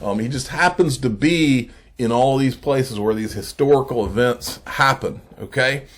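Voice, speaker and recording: A man hosting a crypto investing channel, giving casual emphatic commentary and repeating points slowly for effect. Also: medium pitch. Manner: addresses viewers as folks, frequent okay. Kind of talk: casual commentary on screen posts.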